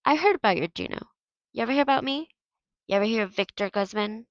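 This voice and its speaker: A woman's voice: fairly high pitch, lively intonation, fast talker, no echo, muffled recording, pitched above the performer's own voice, natural voice. A woman reading aloud and voicing a cocky, mocking teenage boy who leads the soccer team. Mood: taunting. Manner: taunting, swaggering.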